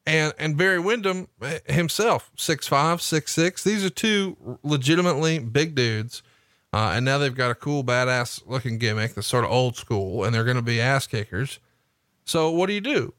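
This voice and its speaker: Man, Southern US accent, podcast host, casual profane chat, mid pitch, dry close sound. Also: expressive, fairly bright tone, no room sound. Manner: profane, rapid-fire questioning.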